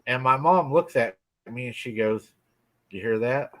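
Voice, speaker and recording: A folksy middle-aged man spins a spooky campfire-style tale with an easy drawl. His voice sits at an ordinary pitch and moves at a relaxed, conversational pace. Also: measured pace. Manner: folksy, drawling, laughs often. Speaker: guest telling a cryptid encounter. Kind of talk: casual storytelling. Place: rural farm home.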